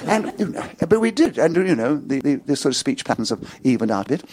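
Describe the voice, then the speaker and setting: An older man with an English upper-class accent and a slight stutter, telling anecdotes in a lively, amused way. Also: mid-range voice, a little fast, breathy edge. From England. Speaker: interviewee. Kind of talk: anecdotal storytelling.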